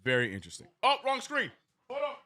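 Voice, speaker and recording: A man streaming a live basketball watch-along, calling plays and reading chat with animated, joking frustration. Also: very high-pitched, quick pace, no echo. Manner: animated, joking, reads chat messages aloud; frustrated fan venting and cursing.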